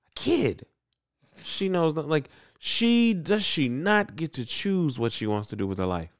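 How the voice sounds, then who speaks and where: A man casually recapping an anime episode, animated and acting out the characters in quick voices. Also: on the high side, smooth. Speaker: podcast co-host recapping an anime. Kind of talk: casual chat.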